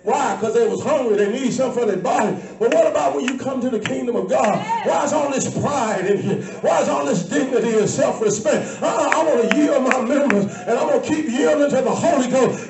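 A woman preaching a sermon to a congregation, shifting between low asides and loud shouting. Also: a little fast, few pauses, distant mic, music in the background, a crowd in the background. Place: church sanctuary. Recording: echoey church, mic from afar. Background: faint congregation.

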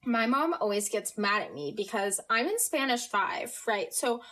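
A teenage American girl hosting a casual podcast, chatty and upbeat, jumping between quick asides. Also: on the high side, lively intonation, fairly bright tone. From United States. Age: teens. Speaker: podcast host. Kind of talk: casual chat.

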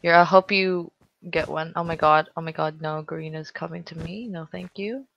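A young woman chatting casually while gaming, giggly and teasing with excitable exclamations. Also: sits low, normal speed, vocal fry, slight background noise, rough recording. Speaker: gamer.

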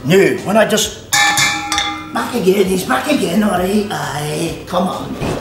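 A man's voice: sits high, expressive, takes it slowly. A man with a Scottish accent hosting a casual cooking demonstration, chatty and sprinkling his talk with "all right" and "aye". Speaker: cooking show host. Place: kitchen at an activity centre. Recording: echoey room, mic far off, music behind.

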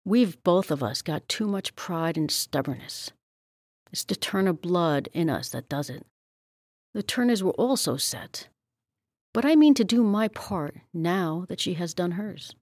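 A woman's voice: on the low side, lively intonation, measured pace, darkish tone, no echo, studio quality. A woman reading aloud as a proud village mother who talks in an earnest, confiding way. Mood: resolved.

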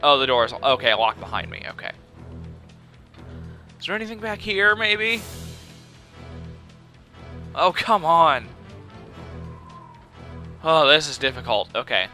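A young man giving excitable, panicky commentary while playing a shooter game. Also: on the high side, a little slow, pauses often, faint music behind. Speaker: let's play gamer. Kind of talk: casual gameplay commentary.

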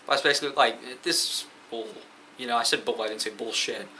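A teenage boy, a sophomore in high school, telling school stories in a rambling, profane way with many fillers. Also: rapid-fire, pushed and bright, a little hiss or hum, low-quality recording. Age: teens. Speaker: vlogger. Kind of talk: casual storytime rant.

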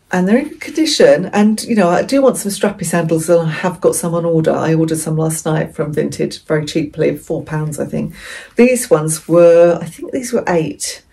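Chatty English woman, lower voice. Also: lively intonation, moderate pace, gravelly, dark tone. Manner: chatty, rambling, self-correcting. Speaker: vlogger. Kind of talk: casual haul vlog.

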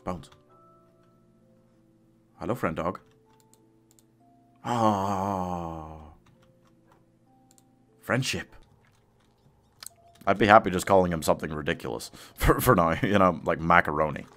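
A man live-streaming a game, talking casually to his chat and yelling at his pet dog. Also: deep voice, slow, long pauses.

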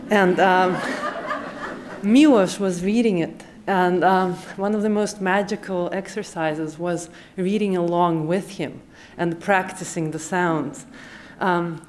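Slow, measured woman with a Russian accent. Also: on the low side. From Uzbekistan. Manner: measured and deliberate, hesitant in asides. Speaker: assistant professor. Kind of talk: poetry reading at a public event.

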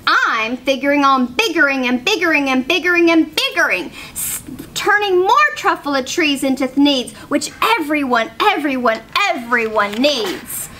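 A woman's voice: high voice, lively intonation, normal speed, sharp tone. A woman voicing a greedy, stubborn man who argues back indignantly in a storybook read-aloud. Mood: defiant. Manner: indignant, emphatic.

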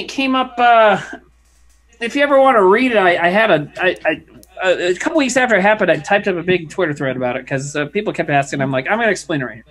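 Dude reading out chat questions on stream, laid back, trails off and restarts. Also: male voice, sits high. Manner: relaxed, rambling, restarts often. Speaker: comedy group member reading chat.

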